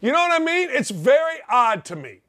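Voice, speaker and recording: A male sports talk host delivering a monologue in a fairly high voice. His tone swings widely as he mocks and jokes, and he keeps repeating names to hammer his points home. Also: fairly quick. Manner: animated, sarcastic, repeats names for emphasis.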